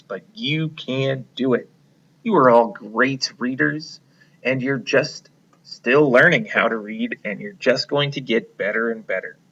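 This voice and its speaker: Slowly and encouragingly, a man leads a class of young children through a reading lesson step by step. His medium-pitched voice is pushed and bright, though the audio sounds dull.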